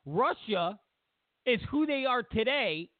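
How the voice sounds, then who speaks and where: A man's voice: extremely high pitch, sing-song, slow pace, no echo. Sarcastic man ranting on a tinny line. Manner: sarcastic, mocking, acts out voices of others. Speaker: talk show host. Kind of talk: ranting political commentary. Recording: dry, phone-like lo-fi sound.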